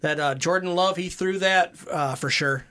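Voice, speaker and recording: A man's voice: high-pitched, moderate pace, pushed and bright. A man chatting casually, hesitant and full of fillers. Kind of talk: casual chat.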